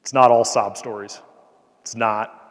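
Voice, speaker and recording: A man's voice: fairly low pitch, fairly even intonation, unhurried. A man, an Air Force colonel, giving an earnest, conversational talk to cadets, sharing a story from his time as a squadron commander. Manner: earnest, conversational, frequent "like" fillers. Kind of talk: motivational speech with anecdote. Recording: long hall reverb.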